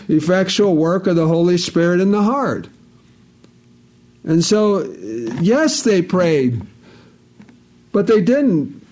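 A man's voice: sits high, darkish tone. A man preaching a sermon, emphatic and repetitive, quoting scripture at length.

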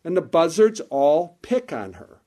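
Male pastor, high voice, fervent sermon delivery, builds and drops, repeats phrases. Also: big pitch swings, measured pace. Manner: impassioned preaching, swells high and loud then drops low and soft.

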